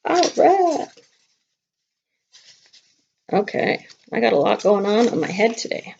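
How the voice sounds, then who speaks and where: A middle-aged woman teaches young children a craft, chatty and playful, talking right to them. Her voice has a strong gravelly fry. The sound is dull and lo-fi, like a home video. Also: medium pitch, big pitch swings, slow pace, a little mellow, a little hiss or hum. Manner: chatty, playful, talks straight to kids. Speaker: kindergarten teacher.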